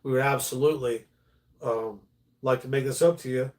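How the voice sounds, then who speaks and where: A man's voice: mid-range voice, normal speed, darkish tone, lightly acted. A man voicing a train conductor who speaks with fake, hesitant politeness. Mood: mock-polite. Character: smooth, falsely polite male train conductor.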